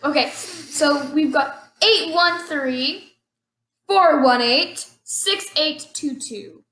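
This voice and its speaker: A woman's voice: sits high, extremely slow, pushed and bright. A woman co-hosting a podcast, explaining hesitantly and filling her sentences with "like". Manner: hesitant, heavy use of "like". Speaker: podcast co-host. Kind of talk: casual podcast chat. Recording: roomy echo with faint background hum.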